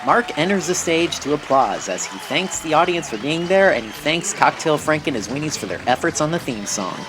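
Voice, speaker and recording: A lively narrator retelling a comedy show scene by scene. The voice moves up and down a lot and jumps into bits of dialogue. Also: mid-range voice, fairly quick. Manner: animated narration. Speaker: storyteller. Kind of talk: reading a story aloud.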